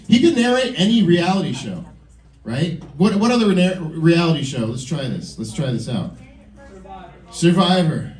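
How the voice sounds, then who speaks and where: A man in his forties works a comedy club stage, rambling through self-deprecating bits and chatting with the crowd. His voice sits high for a man, and it is heard from a distance in a roomy, echoing room. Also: very animated, normal speed, a little mellow. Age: 40s. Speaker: stand-up comedian. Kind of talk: stand-up comedy set.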